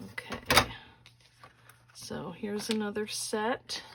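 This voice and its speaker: A woman's voice: medium pitch, slow pace, gravelly, very noisy. A woman hosting a casual crafting tutorial, walking through each step in a chatty way and often checking in with "okay?".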